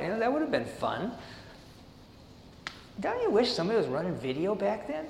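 A man's voice: high voice, huge pitch swings, a little fast, gravelly, long pauses, a little hiss or hum. A man preaching a sermon, reading passages aloud and breaking into casual, chuckling asides. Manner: reads passages then riffs casually with laughs and asides. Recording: roomy hall with long reverb.

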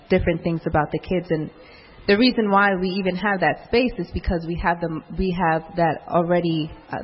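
A woman with a husky voice speaks about marriage and raising children in a church talk. She talks calmly and in a measured way, pausing often, and the sound is somewhat dull. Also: on the low side. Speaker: mother speaking alongside her husband.

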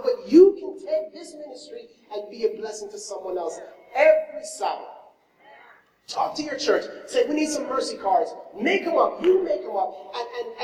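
A male pastor with a very high voice gives an animated sermon, telling a story that swings from big exclamations down to near-whispers. He is recorded from far off in an echoey hall, so the sound is roomy with a long reverb tail.

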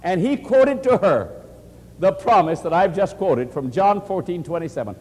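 A man preaching and answering questions, earnest and animated, often quoting scripture. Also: sits high, moderate pace, in a large hall. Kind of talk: sermon-style question and answer.

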